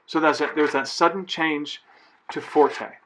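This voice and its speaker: A man's voice: fairly high pitch, steady tone, unhurried, a bit bright, slight background noise, poor audio. A man directing a choir, explaining phrasing and dynamics step by step, counting beats aloud and singing short examples. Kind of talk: recorded choir instruction.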